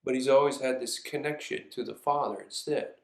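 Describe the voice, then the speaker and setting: A male preacher delivers a sermon in an earnest, reflective manner at an ordinary middle pitch. His voice rings with noticeable room echo, as if recorded in a church sanctuary. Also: a little fast. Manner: earnest and reflective, reads scripture aloud. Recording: echoey room.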